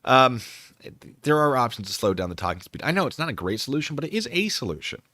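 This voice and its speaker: A man hosts a casual live stream, rambling and poking fun at himself as he talks fast into his desk microphone. His voice is bright and forceful, with lively swings in pitch, recorded dry and close. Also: no room sound. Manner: rambling, self-deprecating, fast-talking. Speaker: streamer host.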